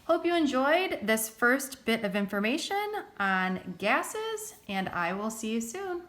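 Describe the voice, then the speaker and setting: A woman's voice: fairly high pitch, sing-song, measured pace, a bit bright. A woman teaching a recorded science lesson in a casual, chatty way, often checking in with the listener.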